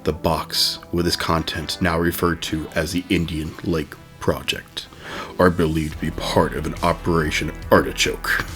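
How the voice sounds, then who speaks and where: Deep breathy sexy narrator dude, a guy hamming it up, slow and low, faint music. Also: fairly even intonation, fairly bright tone. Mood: mock-seductive. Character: deep, would-be seductive male movie narrator.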